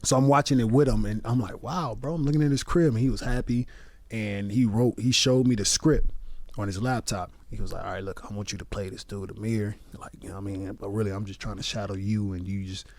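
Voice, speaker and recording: A man's voice: lowish voice, fairly even intonation, fairly quick, a little mellow, no echo. A comedian guest on a podcast, a man telling a loose, profane anecdote with quoted voices in casual chat. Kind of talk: casual storytelling. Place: podcast studio.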